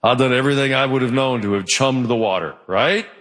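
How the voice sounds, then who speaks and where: A male pastor preaching a sermon in a church, telling the story with animated delivery. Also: mid-range voice, fairly quick. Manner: animated storytelling, acting out quoted voices. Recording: long hall reverb.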